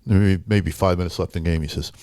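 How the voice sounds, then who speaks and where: An older man with a lowish, dry, close-miked voice tells rambling anecdotes in a podcast studio. He leans on fillers and chuckles through his stories. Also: steady tone, fast, dark tone, no echo. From Philadelphia area. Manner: laughing, rambling anecdotes with frequent "uh" and "you know". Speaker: podcast guest, hockey arena announcer. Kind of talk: casual storytelling.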